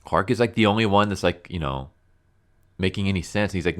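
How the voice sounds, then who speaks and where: A man with a very low voice delivers a casual comic book review as a rant. He sounds blunt and exasperated and keeps leaning on fillers like "like" and "you know.". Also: fairly quick.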